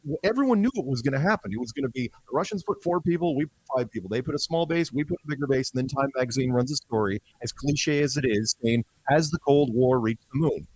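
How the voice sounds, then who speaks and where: A man talking as a podcast guest in a relaxed conversational way, often acting out quoted voices as he tells his stories. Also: medium pitch, fast, hardly any pauses, husky, poor audio. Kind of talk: conversational explanation.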